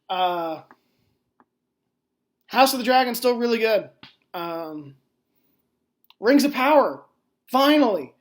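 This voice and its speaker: A man hosting a solo sports podcast, talking casually and rambling, with many fillers and restarts. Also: high voice. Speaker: podcast host.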